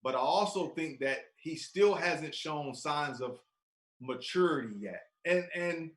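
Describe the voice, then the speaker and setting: A man co-hosting a casual sports podcast, speaking in a laid-back, calm and measured way. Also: on the high side. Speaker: podcast co-host. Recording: roomy echo.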